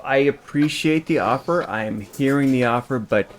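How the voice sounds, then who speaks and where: A man co-hosting a podcast, playing a soothing, overly gentle counselor in an improv comedy sketch. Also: mid-range voice, normal speed, slight background noise. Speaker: podcast co-host.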